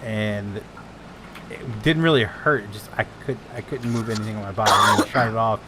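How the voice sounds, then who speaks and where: A man's voice: on the low side, steady tone, fairly quick, background noise. A man in casual chat who laughs often and riffs jokes onto a story.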